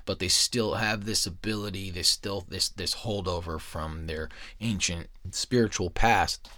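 A man's voice: deep voice, fairly even intonation, measured pace, bright, forceful tone, no room sound. A man hosting a podcast, telling paranormal stories in a casual, rambling and heavily profane way, often breaking off mid-thought. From United States. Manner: profane, rambling, self-interrupting. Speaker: podcast host.

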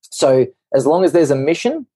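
A man, a doctor guest on a podcast, explaining a topic in lively talk and acting out quick little voices in his examples. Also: a little high, dry recording.

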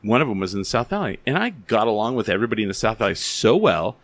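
A man's voice: lowish voice, lively intonation, quick pace, no echo. A man from eastern New Mexico hosting a podcast, talking in a rambling, profane, casual way. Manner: profane, rambling, restarts often. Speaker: podcast host.

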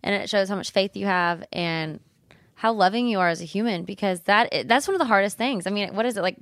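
A woman's voice: mid-range voice, a little fast, fairly bright tone, no room sound. A woman hosting a casual interview, encouraging and full of eager questions. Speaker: host.

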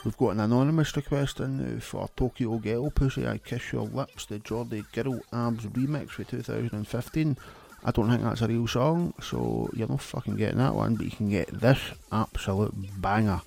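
A Scottish man hosting a radio show, reading listener texts in deadpan, sweary comic patter. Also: mid-range voice, normal speed, gravelly, hardly any pauses, slight background noise.

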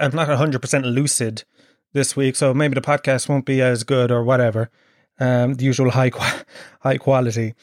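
A man's voice: medium pitch, no echo, studio quality. A young Irish man from Kerry hosting his podcast while sick with a cold, rambling and swearing in a self-mocking way. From Ireland. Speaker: podcast host. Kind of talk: casual comedic monologue.

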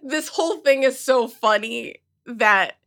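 A woman's voice: fairly high pitch, slow, a bit bright. A woman co-hosting a podcast who chats casually with wry jokes and frequent laughter. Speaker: podcast co-host. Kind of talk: casual chat.

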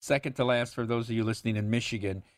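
A man hosting a sports betting show, talking in a relaxed, conversational way with occasional stammers. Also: mid-range voice, fast talker, no echo, studio quality. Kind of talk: casual sports betting chat.

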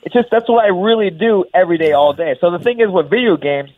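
A young professional fighter talking loosely as a guest on a radio show, rambling with lots of "like". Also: male voice, high voice, fast talker, dry recording. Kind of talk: casual radio interview. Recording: tinny phone line.

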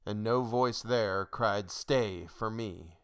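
A man giving a dramatic poetry reading in a slow, measured, somber way. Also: lowish voice, a bit bright, smooth. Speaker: poetry reader.

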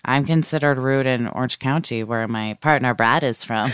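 With an extremely low-pitched, smooth voice at a moderate pace, this podcast co-host chats casually and tells lively stories loaded with fillers. The recording is dry and studio quality.

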